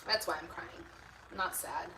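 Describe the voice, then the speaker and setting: A woman's voice: on the low side, moderate pace, far from the mic. A woman hosting a live cooking stream from her home kitchen, rambling casually to viewers and reading their comments aloud. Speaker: homemaking channel host. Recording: loud background noise in a home kitchen.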